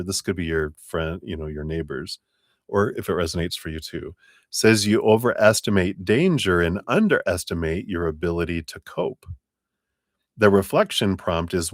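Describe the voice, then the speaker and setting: A man with a very low voice gives tarot readings on a live stream, talking in a chatty, meandering way and laughing often. The sound is dry and close, with no room around it. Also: lively intonation, moderate pace, no echo. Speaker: tarot reader.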